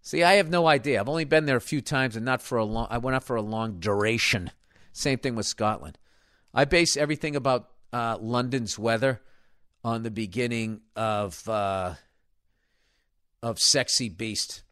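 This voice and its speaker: A man's voice: medium pitch, normal speed, fairly bright tone, no room sound, clean studio sound. A man hosting a podcast as a comedian, reading listener mail in crude, joking, rambling chat.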